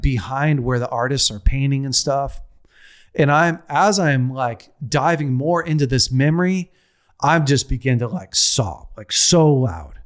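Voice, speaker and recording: Earnest middle-aged man telling a story. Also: mid-range voice. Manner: earnest storytelling, pace swings from slow to rushed. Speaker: speaker on a men's ministry show. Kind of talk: personal teaching talk.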